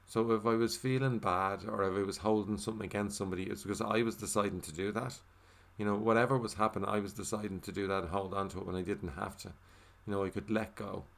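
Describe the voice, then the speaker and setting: Quick and with few pauses, a very deep, creaky male voice delivers a casual, reflective first-person voiceover in English for a signed video, his tone steady. Fillers like "like" and "you know" crop up often, and he murmurs softly whenever he repeats the meditation phrases.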